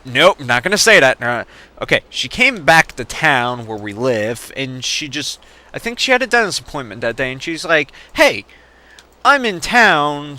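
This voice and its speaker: Animated young man rambling over gameplay. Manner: rambling storytelling with laughs and sudden high-pitched acted quotes. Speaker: let's play gamer. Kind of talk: casual gameplay commentary.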